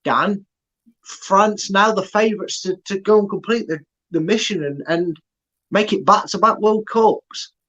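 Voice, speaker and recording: A man's voice: high voice, unhurried, sharp tone, lo-fi sound. A football fan co-hosts a live match watchalong with a slightly raised voice. He analyses the play at length, often restarting his sentences. His tone stays chatty and considered. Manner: rambling, many restarts, analytical. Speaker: fan channel co-host.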